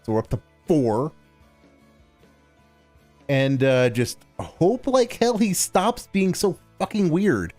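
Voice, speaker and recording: A man's voice: a little high, lively intonation, takes it slowly, long pauses, a little mellow, no echo, soft background music. A man hosting a game stream, commenting sarcastically and mockingly with lots of swearing and restarts.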